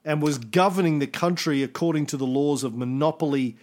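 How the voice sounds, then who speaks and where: A man hosting a casual history podcast, explaining events thoughtfully with pauses and restarts. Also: a little high, darkish tone. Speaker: podcast host.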